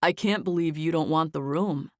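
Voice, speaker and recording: Lady doing a guy voice, lowish and calm, plain and matter-of-fact, dry sound. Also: moderate pace, no room sound, close to an everyday voice. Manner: low, matter-of-fact, understated. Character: young man, earnest and restrained. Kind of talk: audiobook character voice.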